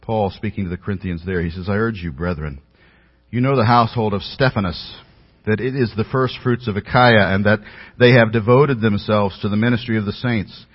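A man's voice: lowish voice, fairly quick. A man preaching a sermon as a pastor, telling stories about himself in an earnest, self-deprecating way. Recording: dull audio with long hall reverb.

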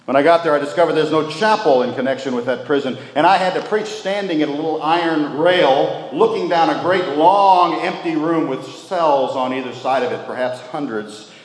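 A man preaching a sermon as a vivid story, swinging between loud exclamations and hushed lows. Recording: reverberant hall.

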